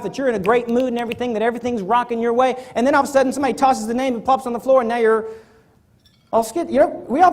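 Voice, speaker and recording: A man giving a motivational talk on stage before a live audience, acting out little scenes as he goes. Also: extremely high pitch. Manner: animated, acts out little scenes. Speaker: motivational speaker.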